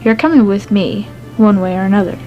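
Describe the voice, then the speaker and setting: A woman's voice: medium pitch, fairly quick, dull audio, faint music behind, lightly acted. A woman voicing a cocky, playful masked young man who speaks in a teasing, matter-of-fact way.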